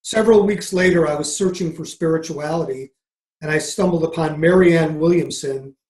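A man, a mindset coach, answering an interview question with a lively story, acting out the dialogue as he goes. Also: a little high, moderate pace, roomy sound. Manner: animated, acts out dialogue in anecdotes. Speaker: podcast guest, mindset coach.

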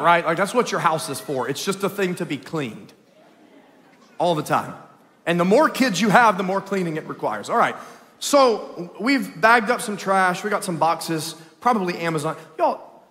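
A man preaching a lively Easter sermon in a church, swinging between loud calls and hushed storytelling. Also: high-pitched. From Texas. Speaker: pastor. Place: church sanctuary, live service. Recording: long church hall reverb.

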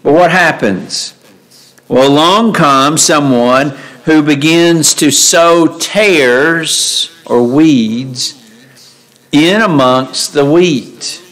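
A man's voice: on the high side, slow pace, a bit bright, low-quality recording. Man preaching a conversational sermon. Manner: conversational, asks rhetorical questions, reads scripture aloud. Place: church sanctuary.

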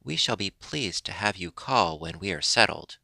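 A man's voice: low-pitched, expressive, moderate pace, creaky, sharp tone, no echo, exaggerated voice. A man doing an earnest red squirrel husband. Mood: polite. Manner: polite and earnest.

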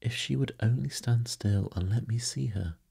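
A man's voice: mid-range voice, sing-song, measured pace, mellow, breathy edge, pitched above the performer's own voice, heavily acted. A man voicing a young girl, eager and wondering, asking curious questions in a bedtime storybook reading.

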